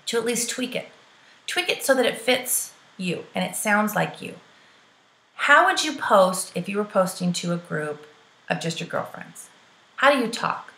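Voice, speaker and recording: A woman's voice: on the high side, pushed and bright. A woman giving sales coaching to the camera, chatty and peppy, often checking in with "right?" and calling her listeners "girl". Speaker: direct sales trainer. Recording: roomy echo.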